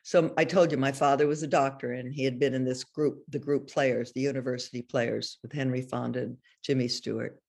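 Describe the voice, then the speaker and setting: A woman's voice: rumbling low, fairly even intonation, brisk, few pauses, a little mellow, husky. An older woman, a guest in an interview, telling chatty anecdotes and laughing often as she goes. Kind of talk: casual anecdotal storytelling.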